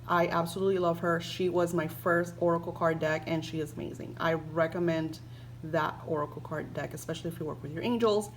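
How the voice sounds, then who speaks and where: A woman's voice: low-pitched, fairly even intonation, a little fast, a little hiss or hum, poor audio. A woman vlogging casually about spirituality, gushing and emotional, with lots of fillers, reading passages aloud from a book.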